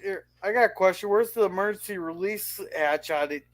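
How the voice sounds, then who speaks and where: High-voiced skeptical male panelist. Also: brisk. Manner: questioning, skeptical. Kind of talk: casual chat.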